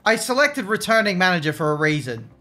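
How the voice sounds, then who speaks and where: A man's voice: sits high, sing-song, quick pace, bright, forceful tone, faint music behind. A man streaming a racing management game, joking, swearing and talking to his chat. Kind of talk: casual gameplay commentary.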